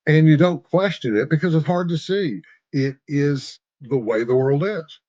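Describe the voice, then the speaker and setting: A man's voice: on the high side, normal speed, darkish tone, dry recording, muffled recording. A man in his sixties, a business coach, tells a story in a conversational way, acting out the dialogue and asking "right?". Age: 60s. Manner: conversational, tag questions, quotes dialogue. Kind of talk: storytelling talk.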